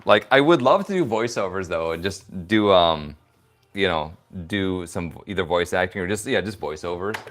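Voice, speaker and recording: A man's voice: deep voice, lively intonation, normal speed, a bit bright. A man hosting a leather crafting stream, chatting playfully and giggling as he rambles through his work in a workshop. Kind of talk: casual chat while crafting leather.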